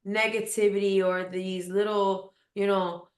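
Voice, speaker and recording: A woman's voice: mid-range voice, flat delivery, measured pace. Earnest woman telling her story, echoey room. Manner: earnest, emphatic storytelling with repetition. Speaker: guest. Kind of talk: personal story in a podcast interview.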